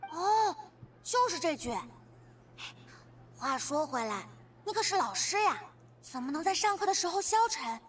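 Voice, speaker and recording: A woman voicing a young, cheerful and curious companion girl in a game dub, lively and teasing. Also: very high voice, normal speed, long pauses, slight background noise.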